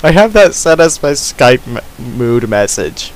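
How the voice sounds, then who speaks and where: A man's voice: mid-range voice, sing-song, measured pace, poor audio. A man hosting a let's play, giving casual gaming commentary in a sarcastic, self-deprecating mutter.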